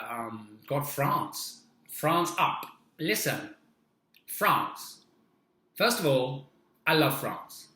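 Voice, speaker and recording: A man's voice: medium pitch, bright, forceful tone, echoey room. A man in his forties hosting a casual song reaction video, chatty and playful with self-mocking asides. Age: 40s. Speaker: video host reacting to songs.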